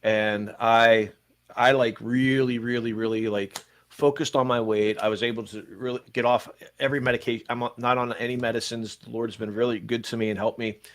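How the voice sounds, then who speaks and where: An older man, a pastor and podcast host, telling stories in casual church podcast chat with animated, quick bursts. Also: mid-range voice.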